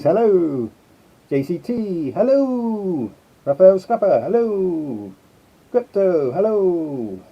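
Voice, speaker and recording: A man hosting a casual live stream, chatting and greeting his viewers one by one. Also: fairly high pitch. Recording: slightly dull lo-fi sound.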